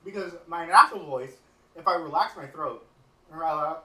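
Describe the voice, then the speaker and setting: Podcast cohost guy, super bright light voice, sarcastic, sounds far from the mic in an echoey room. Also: on the high side, a little hiss or hum. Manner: blunt, sarcastic, deliberately light voice. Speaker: podcast co-host. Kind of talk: casual chat.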